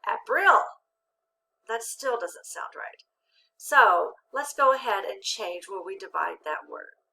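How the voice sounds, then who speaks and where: Woman teacher doing a phonics lesson, bright voice with some gravel, patient and encouraging. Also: mid-range voice, lively intonation, poor audio. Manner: patient, encouraging, reads syllables aloud slowly and clearly.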